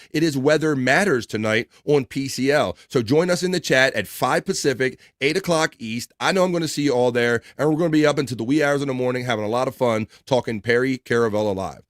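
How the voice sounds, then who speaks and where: Broadcasting a casual livestream from the US East Coast, this man reads chat messages aloud and talks loosely, full of filler words. His voice is medium-pitched with a fairly bright tone, and the recording is dry with clean studio sound.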